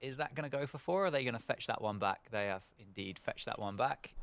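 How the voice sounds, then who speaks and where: A man's voice: medium pitch, a little fast, few pauses. A man commentating live on a county cricket match, chatting between balls and lifting for big moments. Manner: conversational, rising to excited calls at wickets.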